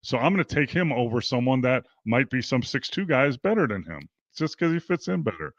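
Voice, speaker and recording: A man's voice: mid-range voice, fairly quick, no echo, muffled recording. An older man, a basketball coach and former pro player, talking in a casual interview and acting out quotes as he tells stories. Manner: animated storytelling, acts out quotes.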